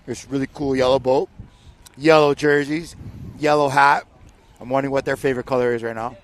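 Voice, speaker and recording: A man doing casual, joking live commentary on a paddling race, with relaxed banter. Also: mid-range voice, fairly quick. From Portuguese heritage, raised in the United States. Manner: joking, laid-back banter. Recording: faint outdoor background noise.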